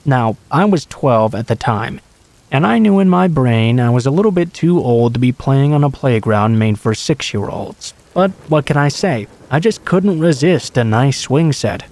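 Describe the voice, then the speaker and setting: A man narrating true scary stories in a steady, matter-of-fact reading voice. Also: mid-range voice, moderate pace. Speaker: horror story narrator.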